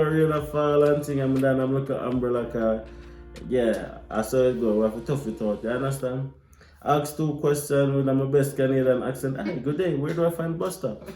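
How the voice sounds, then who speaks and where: A young man with a Jamaican accent tells a story in a relaxed, animated way and drops into patois now and then. His voice is mellow and dark, with medium pitch. He sounds like he is in a roomy, echoey space, with faint music behind him. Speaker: vlogger. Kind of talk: casual storytelling. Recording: echoey room with light music.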